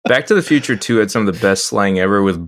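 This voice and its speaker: A man in casual podcast chat, dropping measured trivia asides. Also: on the low side, animated. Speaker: podcast co-host.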